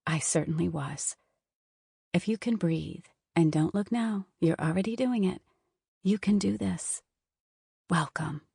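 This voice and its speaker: Husky woman reading an audiobook, low voice, wry and chatty, dry close sound. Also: unhurried, pauses often, warm tone, no room sound. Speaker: audiobook narrator. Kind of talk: scripted narration.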